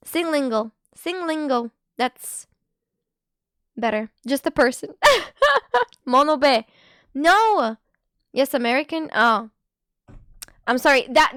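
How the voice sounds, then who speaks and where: High-voiced giggly woman streamer. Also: a bit bright, dry recording, studio quality. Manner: chatty, giggly, full of "like" and quick asides. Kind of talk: casual live-stream chat.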